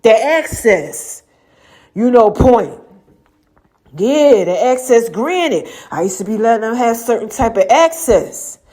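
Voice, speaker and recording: Animated slangy woman podcaster. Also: fairly high pitch, takes it slowly. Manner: animated, slangy, acts out quoted voices; laughs often while talking. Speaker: podcast host. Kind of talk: casual faith testimony storytelling.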